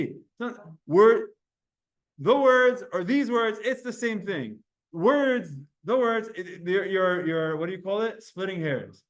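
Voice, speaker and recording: This is an expressive male voice sitting high, belonging to a Talmud teacher. He fires off explanations in short bursts, tests his students, and often begins his sentences over.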